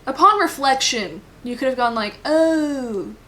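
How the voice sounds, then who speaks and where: A woman's voice: a little high, unhurried, fairly bright tone. A woman giving a casual pick-a-card tarot reading, rambling and thinking aloud with lots of fillers. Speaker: tarot reader.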